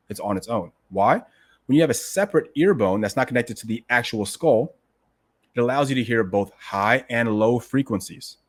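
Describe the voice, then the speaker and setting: A man hosting a show who reads passages from a classic text aloud and then explains them in a casual, emphatic way, often asking "right?" and talking to the listeners as "guys". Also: mid-range voice. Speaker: host explaining a martial arts classic.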